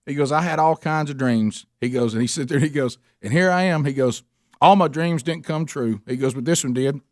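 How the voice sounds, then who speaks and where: A man's voice: fairly high pitch, brisk, dry recording, studio quality. A man, hosting a radio show and telling rambling, chuckling anecdotes in casual chat.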